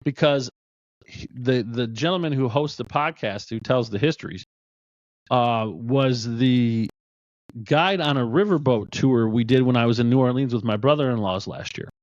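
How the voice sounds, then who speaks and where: A man's voice: mid-range voice, moderate pace, no echo, highs cut off. A man hosting a podcast in casual, rambling chat, laughing easily. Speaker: podcast host.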